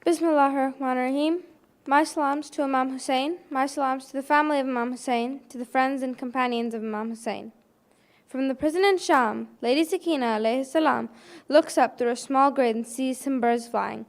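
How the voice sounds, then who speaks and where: Solemn high-voiced woman reciter. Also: a little fast. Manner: solemn, reverent. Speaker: poetry reciter. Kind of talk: devotional poetry recitation.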